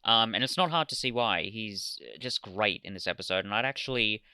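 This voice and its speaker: A man's voice: on the low side, a little fast, pushed and bright, clear, resonant tone, no echo. A man co-hosting a casual review podcast, chatty and enthusiastic, with frequent filler ums. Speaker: podcast co-host.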